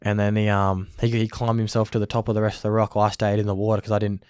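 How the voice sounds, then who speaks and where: Young Australian male interview guest, casual rambling storyteller, rapid flat delivery. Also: lowish voice, clear, resonant tone, dry recording, studio quality. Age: young adult. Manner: rambling, filler-heavy, lots of "like". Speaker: interview guest, rugby league player.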